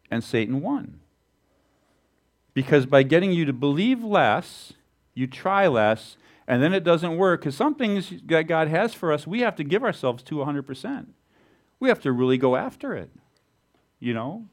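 A man preaching a sermon as a pastor, animated and asking the congregation rhetorical questions. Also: on the high side, normal speed.

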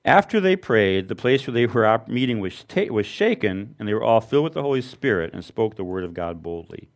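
A man preaching a sermon to his congregation in a relaxed, conversational way, with informal asides and self-deprecating humor. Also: fairly low pitch, a little fast. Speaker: pastor.

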